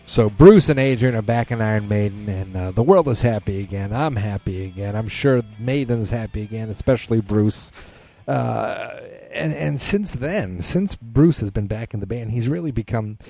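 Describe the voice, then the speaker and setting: A male podcast host rambles through a casual solo monologue, full of restarts and fillers. His voice is lowish, creaky, and warm, recorded with no echo.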